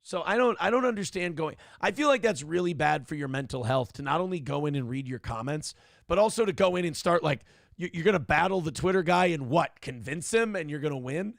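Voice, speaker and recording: A man's voice: on the high side, animated, brisk, creaky, no room sound, studio quality. A man hosting a casual political commentary livestream, rambling and sarcastic, swearing freely as he reads comments aloud. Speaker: show host.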